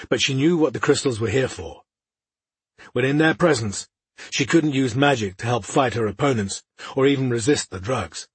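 A man narrating a fantasy audiobook in a steady, measured reading style. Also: medium pitch, slightly rough, no room sound.

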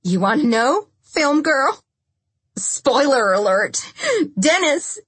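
A woman's voice: high voice, animated, takes it slowly, a bit bright, no room sound, voice pushed up, full character voice. A woman doing a sobbing, screaming gunwoman. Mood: bitter taunting. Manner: screaming, crying outbursts. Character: desperate furious woman with a gun.

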